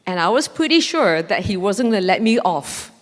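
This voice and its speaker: A woman, a mindfulness trainer telling a lively story on stage in a conference talk. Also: mid-range voice, normal speed. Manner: animated, acts out dialogue with laughs. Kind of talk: storytelling lecture. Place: large conference hall. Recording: long hall reverb.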